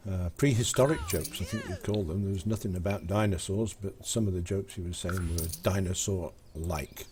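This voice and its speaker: A man chats on his game stream in a low, warm voice, telling old jokes. He rambles and stumbles, filling gaps with hesitant ums and uhs over a faint background hiss. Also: normal speed. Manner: rambling, hesitant with many fillers and restarts. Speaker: live-stream gamer. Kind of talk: casual live-stream chat, telling jokes.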